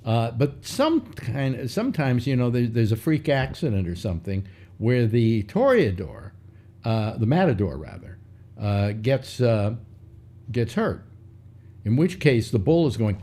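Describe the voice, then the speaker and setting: A man's voice: mid-range voice, sing-song, measured pace, warm tone. An older man hosting a casual chat show, rambling through a story with many restarts and fillers. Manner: meandering, restarts, mock voices in anecdotes. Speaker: show host.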